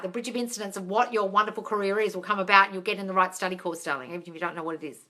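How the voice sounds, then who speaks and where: A young woman chatting casually on a livestream, answering viewer questions, excitable and swearing freely. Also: medium pitch. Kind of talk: casual live chat.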